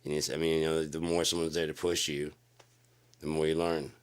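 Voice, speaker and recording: A man's voice: very deep voice, level tone, a little fast, slight background noise. A middle-aged man rambling through a profane, casual late-night story, acting out the other people's voices. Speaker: channel host telling a story.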